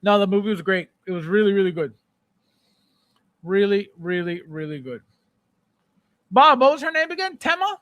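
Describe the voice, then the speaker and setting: A man hosting a casual live stream, chatting with viewers, repeating phrases and breaking into playful shouted bits. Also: sits high, animated, moderate pace, pauses often, no echo, dull audio. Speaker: livestream host. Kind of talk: casual live chat reading viewer comments.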